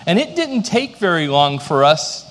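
A man's voice: fairly high pitch, big pitch swings, moderate pace, a bit bright, long reverb tail. A middle-aged man, a pastor, preaching a sermon with storytelling and self-deprecating humor.

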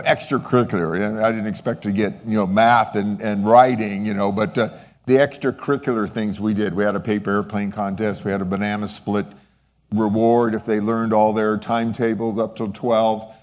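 A sentimental older man shares a testimony in the manner of a sermon. His voice sits a little low, and he talks in an earnest, halting way, often stopping to restart a thought. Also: darkish tone, long reverb tail. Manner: sentimental, voice wavering with feeling. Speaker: lay speaker sharing a testimony. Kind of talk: sermon-style talk.

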